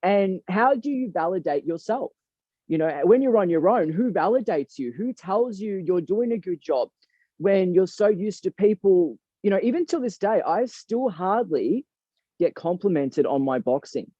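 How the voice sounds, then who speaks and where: A man's voice: high voice, animated, normal speed, mellow, dry recording. A man speaking as a guest in an interview, earnest and heartfelt, talking in a reflective, emphatic way. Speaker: boxing coach and guest. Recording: dull lo-fi dry recording.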